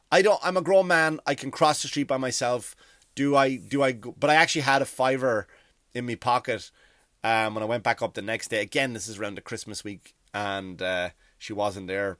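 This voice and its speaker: A man's voice: on the high side, a bit bright, no room sound, clean studio sound. Profane man rambling comedy podcast. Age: 40s. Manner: rambling, profane, self-deprecating storytelling. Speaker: podcast host. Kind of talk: comedic monologue.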